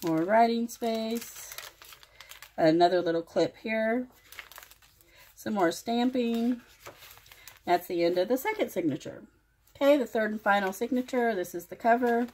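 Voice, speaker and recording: A woman hosting her own craft channel, showing a finished project page by page in plain, unhurried commentary made of short phrases. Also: fairly high pitch, darkish tone. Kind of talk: casual show-and-tell walkthrough.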